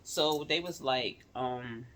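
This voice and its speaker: A woman casually telling her viewers a personal story in slangy speech, swinging from loud outrage to quiet pleading. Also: rumbling low, slow pace, slight background noise. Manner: slangy, addresses viewers as y'all.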